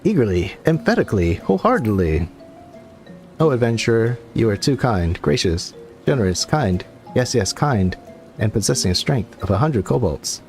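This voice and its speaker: A man's voice: on the low side, very animated, moderate pace, a little mellow, faint music behind. A man voicing a timid, wailing male kobold who repeats his words in frantic strings of three. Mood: pleading.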